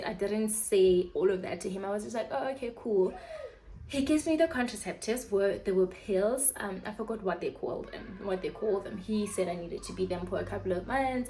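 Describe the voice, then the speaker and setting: A woman's voice: medium pitch, darkish tone, low-quality recording. A young woman vlogger telling a candid personal storytime, chatty and open, acting out her own past reactions in quoted asides.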